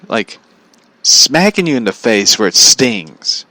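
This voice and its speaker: A man's voice: mid-range voice, big pitch swings, slow, sharp tone, no echo. A man telling a comedic story in a profane, exasperated way, laughing often. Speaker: vlogger.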